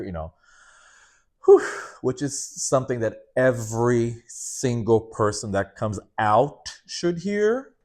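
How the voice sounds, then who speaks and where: A man in his late thirties hosting a podcast, telling a personal story in a candid, expressive way with profanity, laughter and playful asides. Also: lowish voice. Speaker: podcast host.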